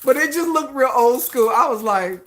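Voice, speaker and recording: Chatty livestream lady, kinda high voice, laughs a lot, says hi to the chat. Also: expressive, moderate pace. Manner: chatty, laughs often, greets viewers in chat. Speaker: livestream host.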